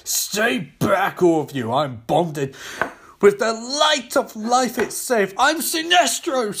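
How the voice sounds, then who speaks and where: An arrogant alien warlord proclaims himself savior in a raised, grandiose voice, as a man reading a comic puts him on. The pitch climbs high and swoops with lively, boastful flourishes. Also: takes it slowly, a little hiss or hum, exaggerated voice.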